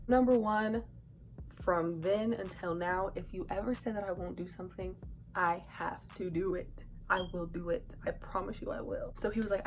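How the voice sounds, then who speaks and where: Lively young woman telling a story. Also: on the low side, moderate pace, slight background noise, poor audio. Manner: animated storytelling, acts out quotes with laughs and whispered asides. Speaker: YouTuber. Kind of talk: casual storytime vlog.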